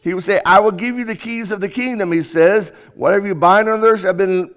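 High-voiced man preaching in a reverberant hall. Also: a little fast, a bit bright, smooth. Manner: emphatic, rising and falling sharply for emphasis. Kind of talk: sermon. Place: church auditorium. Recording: long reverb of a church hall.

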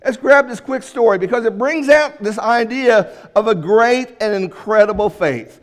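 A man with a high-pitched voice delivers a Sunday sermon to his congregation. He preaches emphatically, leaning hard on key words and then letting his voice fall almost to a hush. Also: moderate pace. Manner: emphatic, swings between loud and hushed. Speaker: pastor.

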